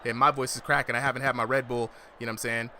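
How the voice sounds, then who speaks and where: A commentator races through a live boxing exhibition call, his mid-range voice level in tone yet pushed and bright. Full of slang and hype, he keeps throwing in "you know what I'm saying", in esports-style commentary on noisy livestream audio.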